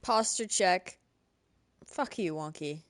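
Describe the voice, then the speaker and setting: A young woman streamer, soft-spoken, chatting casually and answering her chat. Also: fairly low pitch, slow pace, no room sound. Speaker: livestreamer.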